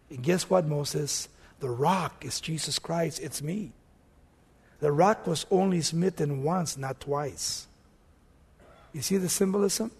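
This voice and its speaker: A man preaching a sermon, telling the story dramatically and swinging from loud outbursts to hushed lines. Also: sits high, slow pace, slightly rough, big-room sound.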